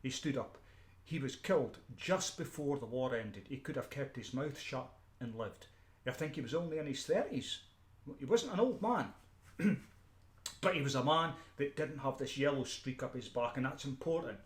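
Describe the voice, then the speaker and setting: A Scottish man giving an unscripted, emphatic ranting monologue as a street preacher, often repeating himself, restarting and clearing his throat. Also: medium pitch, lively intonation, moderate pace, echoey room.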